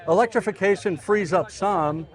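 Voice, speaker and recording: A man being interviewed as a car design director, speaking casually, haltingly repeating words, with joking asides. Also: sits high.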